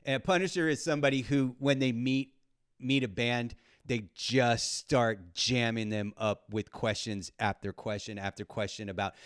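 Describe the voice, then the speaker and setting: A man's voice: medium pitch, normal speed, clear, resonant tone, no room sound, studio quality. A middle-aged man hosting a podcast in casual chat, laughing often and explaining terms for listeners. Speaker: podcast host.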